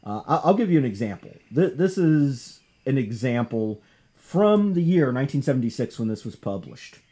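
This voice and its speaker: A man hosting a casual talk show, discussing comics and history in an animated, conversational way. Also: normal speed. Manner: animated, conversational, jumps in pitch for emphasis. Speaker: podcast host.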